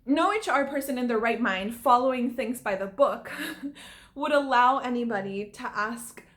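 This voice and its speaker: A young actress speaks straight to her viewers in a casual vlog, her voice sitting a little high. She is earnest and stirred up, laughing often as she makes her point. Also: moderate pace, fairly bright tone. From California. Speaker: actress and acting vlogger. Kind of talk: casual vlog talk to camera.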